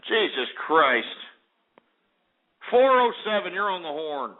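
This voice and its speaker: Man, call-in radio host, high voice, brash and insulting, ranting delivery, narrow phone-like sound. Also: very animated, slow. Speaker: radio talk show host.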